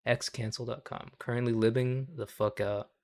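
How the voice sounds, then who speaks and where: A man's voice: mid-range voice, level tone, moderate pace, background noise. A young man hosting a livestream, reacting to clips in casual, profane commentary. He rambles, keeps tagging lines with "okay?", and laughs at his own jokes.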